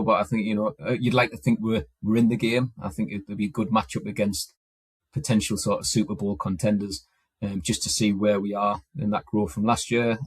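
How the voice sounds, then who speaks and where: A man co-hosting a sports podcast over a video call, talking haltingly with many restarts. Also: fairly low pitch, breathy edge, dry recording. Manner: hesitant, lots of restarts. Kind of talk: casual sports chat.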